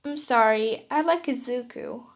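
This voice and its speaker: A woman's voice: a little high, unhurried. A woman voicing a teenage girl hero with a crush who speaks hesitantly, in a fan story reading. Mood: awkward.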